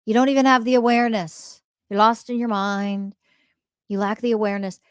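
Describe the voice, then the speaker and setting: A woman's voice: a little high, steady tone, brisk, smooth, no room sound, studio quality. A woman podcast host teaching spirituality in a blunt monologue, swearing often and firing rhetorical questions, repeating key phrases for emphasis.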